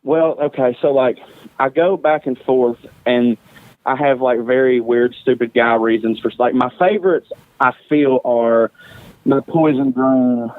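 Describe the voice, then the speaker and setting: A man's voice: medium pitch, steady tone, a little slow, no room sound, phone-quality sound. A man guesting on a podcast, telling a story casually, profane and self-mocking, laughing often.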